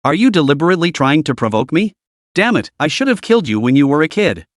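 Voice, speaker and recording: A man voicing a hot-tempered giant male warrior in an animated story recap, talking bluntly and impatiently. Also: a little high, fast talker, no echo, clean studio sound.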